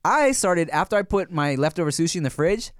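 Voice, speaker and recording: A man's voice: on the high side, lively intonation, brisk, dry recording, studio quality. Rambling, profane man chatting casually. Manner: rambling, profane, lots of fillers and laughter. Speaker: podcast co-host. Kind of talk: casual chat.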